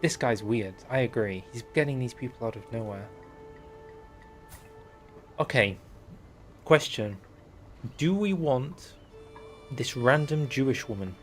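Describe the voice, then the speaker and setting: A man's voice: mid-range voice, lively intonation, unhurried, pauses often, faint music behind. A man streaming a strategy game, chatting casually and joking while reading the event text aloud. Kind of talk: casual gameplay commentary.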